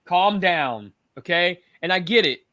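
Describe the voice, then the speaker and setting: A man's voice: high-pitched, expressive, measured pace, bright, forceful tone, no echo, studio quality. A man hosting a casual panel chat, talking in emphatic, rambling rants. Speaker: podcast host.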